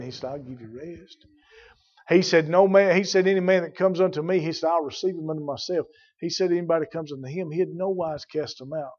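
A man preaching a sermon, fervent, rising to loud emphatic bursts. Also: on the high side, a little fast, highs cut off. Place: church.

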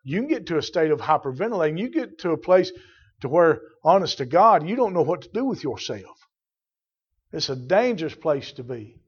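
Male preacher, slightly high voice, fiery delivery with loud peaks, dull lo-fi church recording. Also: very animated, fairly quick, slightly rough. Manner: fervent, rising to loud emphatic bursts. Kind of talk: sermon.

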